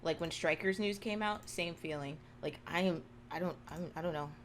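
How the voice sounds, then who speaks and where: A woman streaming a game to her live chat, gushing and excitable, rambling with many fillers and swearing when she gets hyped. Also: deep voice, moderate pace, slight background noise. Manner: rambling, with many likes and ums. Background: jazzy game music.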